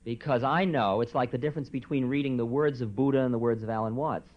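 A man giving a relaxed spiritual talk to listeners, his voice soft and conversational, wandering into asides. The sound is dull and lo-fi, like an old tape recording. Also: mid-range voice, quick pace. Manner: relaxed, conversational, soft-spoken with frequent asides and quiet chuckles. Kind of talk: informal spiritual lecture.

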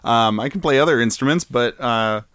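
A man's voice: mid-range voice, a little fast, fairly bright tone, clean tone, no room sound, clean studio sound. A man co-hosting a podcast in casual chat, playful and jokey, often laughing. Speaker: podcast co-host.

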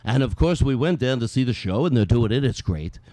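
A man's voice: lively intonation, brisk, mellow, no echo. A man hosting a studio comedy podcast, his voice sitting in a middle register. He talks in a loose, playful way and drifts into goofy impressions. The sound is dry and close, with no room around it. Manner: playful, breaks into silly impressions and high squeaky voices. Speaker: podcast host. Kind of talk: casual comedic chat.

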